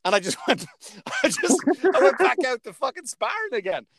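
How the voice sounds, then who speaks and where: A man's voice: extremely high pitch, wildly swooping pitch, brisk, a bit bright. A man with an Irish accent in his thirties, telling stories in casual chat, swearing and laughing often. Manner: profane, laughing storyteller.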